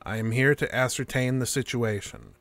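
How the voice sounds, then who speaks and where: An actor playing a calm, stiff male interrogator who speaks in flat, formal, repetitive phrases in an audio drama. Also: mid-range voice, normal speed, creaky, no echo.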